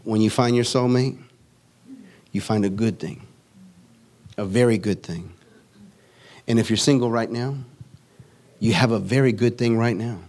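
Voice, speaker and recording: A man preaching a sermon, moving from solemn teaching to lively storytelling. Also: medium pitch, a little slow, pauses often. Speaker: pastor.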